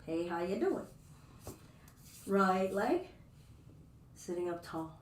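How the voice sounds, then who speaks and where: A woman's voice: on the low side, animated, slow, a little hiss or hum. A woman teaching a live yoga class, chatty and playful as she talks through her own movements. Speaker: yoga instructor. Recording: echoey room, distant mic.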